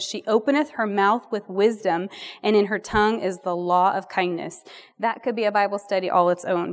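Brief: middle-aged woman, warm rambling women's ministry speaker, self-deprecating asides, sermon delivery. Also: mid-range voice. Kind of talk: sermon-style Bible teaching.

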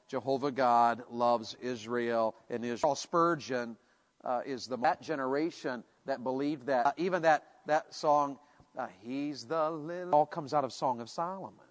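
A male pastor preaching a sermon, animated and jokey, now and then bursting into shouts. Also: medium pitch. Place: large church hall. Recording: echoey church hall.

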